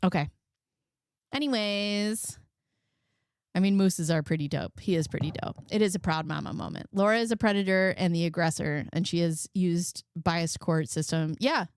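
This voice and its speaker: A woman's voice: fairly low pitch, moderate pace, clean tone, no room sound. A woman in her thirties hosting a casual livestream, chatty and blunt, swearing freely and thanking viewers as she goes. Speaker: livestream commentary host.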